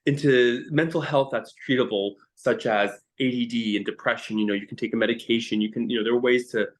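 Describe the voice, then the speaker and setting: A man, a harp teacher and musician, telling stories as a guest in a podcast interview, emotional and halting with frequent restarts. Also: mid-range voice, steady tone. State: choked up.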